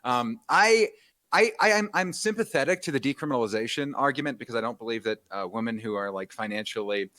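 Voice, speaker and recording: A man's voice: medium pitch, fast, hardly any pauses, a bit bright. A man on a podcast panel who opens with a joke and then stammers into his serious point. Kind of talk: casual chat.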